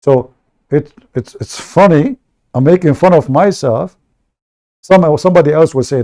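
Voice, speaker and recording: Unhurried and warm, his voice pitched fairly high, a Middle Eastern man with an Arabic accent hosts an online debate show. In a casual livestream monologue he jokes bluntly, mocks himself, and often says words twice.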